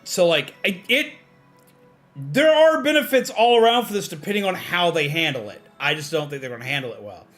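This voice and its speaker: A man's voice: a little high, sing-song, fairly quick, fairly bright tone, soft background music. A man streaming a game, ranting in casual, profane talk with lots of fillers. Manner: rambling, profane, frequent fillers. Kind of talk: casual rambling stream chat.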